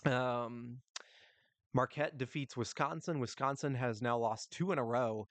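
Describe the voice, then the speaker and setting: A man's voice: medium pitch, measured pace, a bit bright, no echo. A young man hosting a solo sports podcast, talking casually and rambling, with lots of ums and small laughs. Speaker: podcast host.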